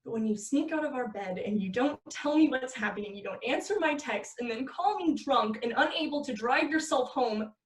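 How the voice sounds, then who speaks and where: A woman's voice: high-pitched, animated, normal speed, few pauses. A woman reading the part of a tired, frustrated girlfriend driving at night, firm and scolding, in a table read of a film script. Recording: echoey room, far from the mic.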